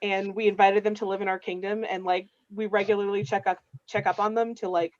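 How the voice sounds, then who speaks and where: On a livestream video call, a game master staff member talks a little fast at medium pitch, with little pitch movement. The recording is dry and lo-fi. She casually spins long game stories, rambling and full of filler words.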